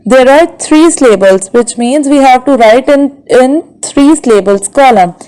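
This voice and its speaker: A woman with a Bangladeshi English accent, teaching a school English lesson and slowly sounding out words syllable by syllable. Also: high voice, mellow, clear, resonant tone, poor audio. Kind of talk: classroom lesson.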